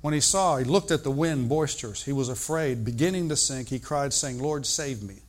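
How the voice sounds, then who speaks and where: An older man with a medium-pitched voice preaches a sermon with animated emphasis, alternating loud outbursts with hushed, slow stresses.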